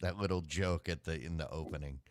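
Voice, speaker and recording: A man's voice: extremely low pitch, steady tone, brisk, dry recording. A man co-hosting a live web show, chatting casually and rambling with sighs and filler words. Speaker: podcast co-host. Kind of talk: casual chat.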